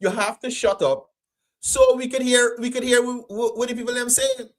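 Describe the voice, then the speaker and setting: A man hosting a call-in talk show, animated and repeating his phrases. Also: very high-pitched, normal speed.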